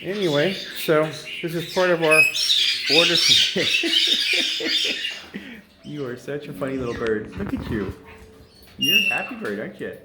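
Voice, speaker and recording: A woman's voice: lively intonation, a little slow, pauses often, over loud music. A woman who keeps a bird sanctuary, chatting casually in a vlog and baby-talking to her pet birds in a bird room. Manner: coos and baby-talks to the birds, jumping to a high pitch. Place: indoor bird room with cages. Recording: loud squawking birds behind.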